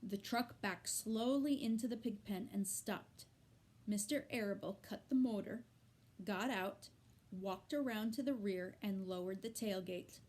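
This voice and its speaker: A woman reading a children's novel aloud with slow, deliberate narration. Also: medium pitch, darkish tone. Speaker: reader.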